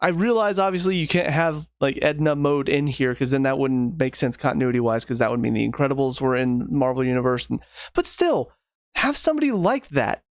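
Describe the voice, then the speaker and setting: A man's voice: medium pitch, expressive, a little fast, no echo, clean studio sound. Sarcastic man reviewing a show. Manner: sarcastic, rambling, frequent restarts. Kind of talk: casual video review.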